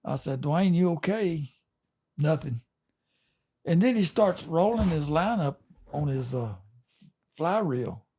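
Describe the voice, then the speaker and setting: A man's voice: fairly high pitch, animated, dark tone, slightly rough. Older man spinning a yarn. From Texas. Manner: folksy, drawn-out yarn spinning with chuckles. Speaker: fishing captain and guest. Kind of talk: casual storytelling.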